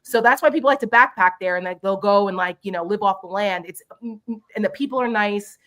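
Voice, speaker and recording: A woman in her forties co-hosting a casual chat show, blunt and animated, swearing freely. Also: medium pitch, fast talker. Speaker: co-host of a live chat show.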